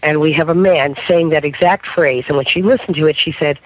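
Middle-aged guy, kinda high voice, spins ghost stories, keeps saying okay?, muffled radio sound. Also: fairly even intonation, brisk, few pauses, dry recording. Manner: storytelling, keeps checking in with "okay?". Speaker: paranormal investigator guest. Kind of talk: radio talk show interview.

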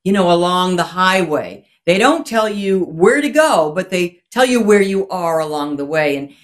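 Guest author, woman, reflective and faith-centered, slightly low voice. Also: lively intonation, moderate pace. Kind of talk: casual chat.

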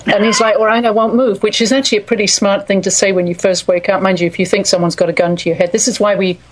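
A woman's voice: mid-range voice, steady tone, fast talker, a little hiss or hum, low-quality recording. A woman hosting a pet radio show, chatting casually and teasing her guests. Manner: playful, teasing.

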